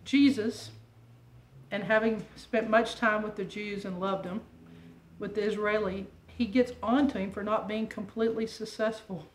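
Brief: woman preacher, animated and chatty, rhetorical questions, reverberant church sound. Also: medium pitch, moderate pace. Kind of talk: sermon. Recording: echoey room with faint ambient noise.

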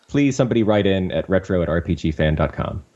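A man hosting a casual podcast chat, relaxed and full of hesitant fillers. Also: low voice, fast talker, lo-fi sound. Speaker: podcast host.

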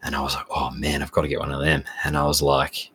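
Here an Australian podcast co-host talks fast in a bass voice with a breathy edge. His long, casual story rambles along animatedly, and he acts out plenty of the dialogue in quotes.

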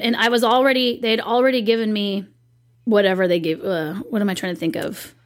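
Fairly high-pitched and brisk, this thirty-something business owner is the guest in a relaxed interview. She recounts something personal with lots of animation, in a chatty manner.

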